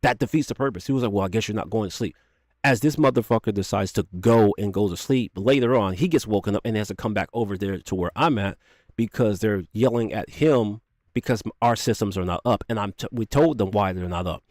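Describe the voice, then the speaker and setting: A young man casually telling a profane, animated story, acting out quotes as he goes. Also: lowish voice, fairly quick, no room sound, clean studio sound.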